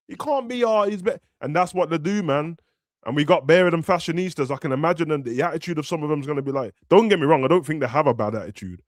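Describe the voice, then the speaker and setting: A young man with a slightly high voice chats about football in quick slang, often jumping into raised voices to play footballers. The sound is close and dry. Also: no echo. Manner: animated, slangy, acts out players in raised voices. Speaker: football podcast host. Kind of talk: casual football chat.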